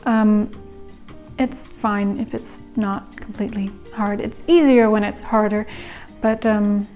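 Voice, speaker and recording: A woman's voice: mid-range voice, fairly even intonation, takes it slowly, darkish tone, faint music behind. A young woman chatting casually through a home cooking vlog, giggly and rambling with little asides. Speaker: home cook vlogger.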